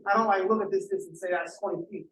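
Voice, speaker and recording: A man voicing an odd rural farmer who answers in trigonometry, in a flat, matter-of-fact way. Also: high-pitched, fast talker, natural voice, rough recording. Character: odd rural male farmer speaking in trig.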